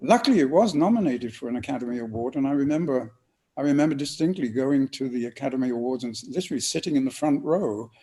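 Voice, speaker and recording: Brief: older Englishman, mellow expressive raconteur, guest in conversation. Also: mid-range voice, fast. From England. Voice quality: lively, expressive storyteller's delivery. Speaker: guest actor. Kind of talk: storytelling interview answers.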